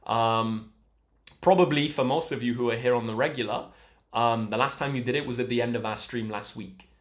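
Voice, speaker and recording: A man's voice: mid-range voice, fairly quick. Upbeat young man in a roomy echo. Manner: upbeat and encouraging, reads out chat messages. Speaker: maths tutor hosting a live stream. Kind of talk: casual live-stream chat with viewers.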